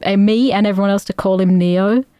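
A woman's voice: mid-range voice, fairly even intonation, brisk, mellow, smooth, no echo, clean studio sound. A woman co-hosting a podcast, telling candid, self-mocking stories in casual, sweary chat. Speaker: podcast co-host. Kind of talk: casual film review chat.

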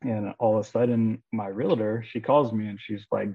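A man's voice: on the low side, fairly even intonation, normal speed, husky, phone-quality sound. A man in his thirties from Florida, a guest author telling a story casually and animatedly, acting out the voices of the people in it, with many fillers. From Florida, USA.

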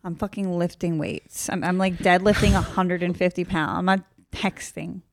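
A young adult woman hosting a podcast, chatting casually in a blunt, deadpan way with some swearing. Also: lowish voice, moderate pace, no echo. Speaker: podcast host.

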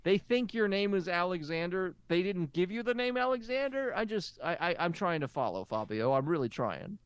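Stammery comedy podcast guy, kinda high voice, swoops all over, dry close sound. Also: moderate pace, smooth, no echo. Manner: lively, stammering, incredulous. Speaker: comic playing a therapist host.

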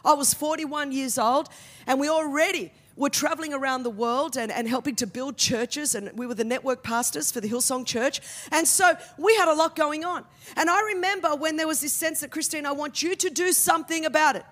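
A middle-aged woman preaching a sermon with humor, building to loud, emphatic peaks. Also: sits high, normal speed.

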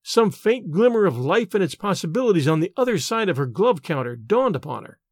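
A man narrating a classic short story in an expressive storytelling manner. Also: high voice, a little fast, no echo, studio quality. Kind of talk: audiobook narration.

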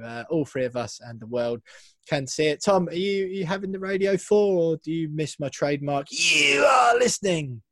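A man's voice: mid-range voice, a little mellow, dry recording. A man hosting a football fan podcast, chatty and playful, reading listener messages aloud. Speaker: podcast host. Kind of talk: casual podcast chat.

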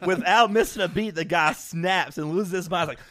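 A little fast and barely pausing, this higher-voiced podcast co-host tells a story in casual chat. He's animated, acts out the quotes and laughs a lot.

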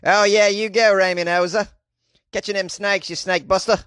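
A man's voice: high voice, fairly even intonation, moderate pace, a bit bright, smooth, no room sound, clean studio sound, pitched above the performer's own voice. A man putting on a goofy snake catcher. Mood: mocking. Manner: goofy, teasing. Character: joking mock Australian male snake catcher.

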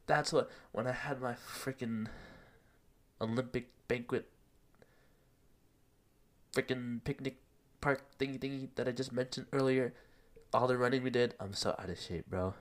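A man's voice: mid-range voice, steady tone, normal speed, pauses often. A young man hosting a solo podcast, rambling in casual slang, laughing at himself and a bit out of breath. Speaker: podcast host.

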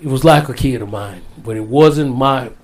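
A man's voice: medium pitch, moderate pace, darkish tone. A man as an interview guest, telling a long personal story in a casual, rambling way, repeating his phrases. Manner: rambling, repeats phrases, folksy Southern-style speech.

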